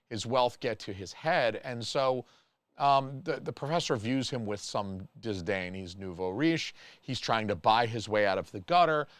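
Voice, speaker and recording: A man's voice: medium pitch, no room sound. Rambling opinionated man reviewing films. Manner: rambling, opinionated, many fillers and restarts. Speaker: movie reviewer. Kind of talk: casual solo film commentary.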